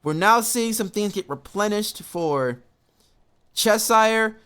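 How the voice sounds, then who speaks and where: Excitable laughing male game caster. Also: high voice, slow pace, clear, resonant tone. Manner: excitable, laughing, yelling at players. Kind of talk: esports match commentary.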